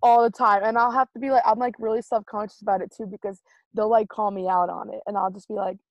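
Relaxed young woman, very dry sound. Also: mid-range voice, fast, no room sound, highs cut off. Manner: relaxed, 'like'-heavy, giggly. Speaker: podcast co-host. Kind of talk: casual podcast chat.

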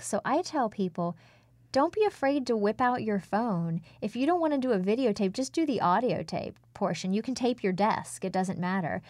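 A woman speaking coach giving measured, instructive advice in a conversational interview. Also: mid-range voice, no echo.

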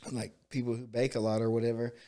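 A man who coaches jiu-jitsu and MMA, talking in a relaxed, rambling way and often saying "dude" and "like". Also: medium pitch, quick pace. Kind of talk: casual conversation.

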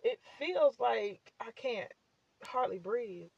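A woman's voice: a little high, lively intonation, slow, vocal fry, slightly rough, dry recording, muffled recording. A woman hosting a casual talk show. Her voice is scratchy, she sounds slightly out of breath, and she talks to listeners in a loose, chatty way full of fillers. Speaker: podcast host and author. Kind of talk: casual chat.

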